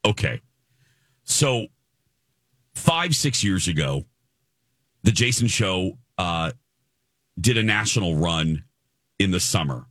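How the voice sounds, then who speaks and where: A man's voice: sits low, slow pace, pauses often, no echo, clean studio sound. Chatty middle-aged male talk host. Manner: chatty, animated, laughs often. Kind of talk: casual on-air storytelling.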